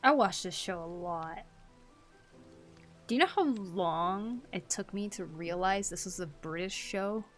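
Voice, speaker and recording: A woman's voice: on the low side, measured pace, faint music behind. A young woman chatting casually while she draws on a live stream, giggling often and reacting to her chat. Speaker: art streamer.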